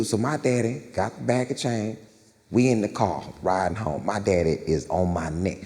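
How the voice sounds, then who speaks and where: Male stand-up storyteller, low voice, slangy and conversational, handheld mic with long stage reverb. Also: normal speed, darkish tone. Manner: loose, conversational, slangy, checks in with the crowd. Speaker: stand-up comedian.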